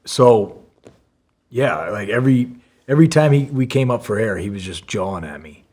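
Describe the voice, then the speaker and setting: A man's voice: on the low side, lively intonation, moderate pace, darkish tone. A man, a podcast guest, tells a story in loose, casual talk full of fillers and swearing. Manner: loose, profane, many fillers.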